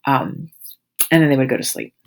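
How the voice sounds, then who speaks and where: A woman's voice: a bass voice, fairly even intonation, fairly quick. A woman in her forties, a teacher, telling her students a rambling, amused story in a casual, chatty way.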